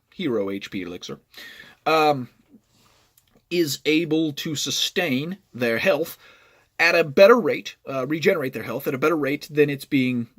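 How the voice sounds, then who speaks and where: A man telling a storytime vlog about online gaming, explaining at length and checking in with "right?". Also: on the high side. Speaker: gaming vlogger.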